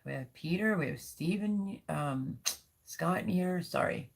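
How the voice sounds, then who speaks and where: Gravelly-voiced woman chatting on a livestream. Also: fairly low pitch, unhurried. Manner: rambling and candid, reads viewer comments aloud. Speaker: livestream host. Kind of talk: casual live-stream chat. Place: home.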